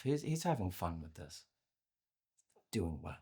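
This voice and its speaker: A man presenting a workshop on communication to a virtual audience, conversational and animated, often repeating words as he restarts his sentences. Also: unhurried, pauses often, breathy edge. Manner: acts out inner voices with playful pitch jumps. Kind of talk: live talk to a virtual audience.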